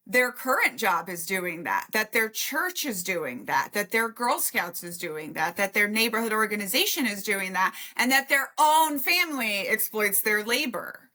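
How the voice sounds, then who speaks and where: A woman's voice: mid-range voice, bright, forceful tone. A woman hosting a podcast, talking in a casual, emphatic and outspoken way. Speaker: podcast host. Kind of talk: casual conversation.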